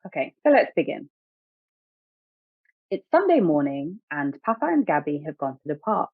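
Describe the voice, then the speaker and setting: A woman author reading her own picture book aloud in a clear storytelling way. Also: deep voice, sing-song, moderate pace, no room sound. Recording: dry tinny phone-like sound.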